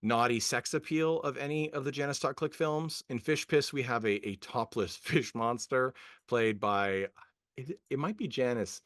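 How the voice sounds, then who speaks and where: A male podcast co-host rambles through a film review in loose, chatty talk. He is full of ums and restarts, and he is often amused. His voice sits at a middle pitch and sounds close and dry. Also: moderate pace, no echo. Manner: rambling, hesitant, many fillers and restarts; animated, amused, laughing often. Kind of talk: casual film review chat.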